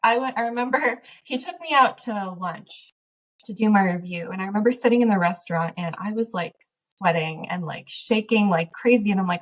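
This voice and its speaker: A small business owner appears as a podcast guest in a casual interview, telling stories animatedly in an expressive mid-range voice at a moderate pace. She laughs often and acts out past conversations, sounding slightly distant from the mic.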